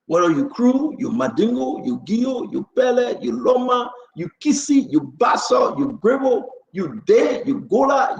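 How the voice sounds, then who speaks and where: Liberian guy hosting a heated political talk stream, high raspy voice, keeps repeating himself to drive it home, echoey room. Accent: Liberian English. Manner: emphatic and repetitive, hammering points home, speaks directly to panelists. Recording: roomy echo.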